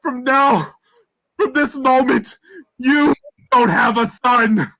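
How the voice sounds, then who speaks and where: A grieving young son played by a woman bursts out in raw, sobbing cries. The voice sits very high and bright. He speaks in slow, heavy phrases. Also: full character voice. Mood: furious. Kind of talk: stage reading of a play.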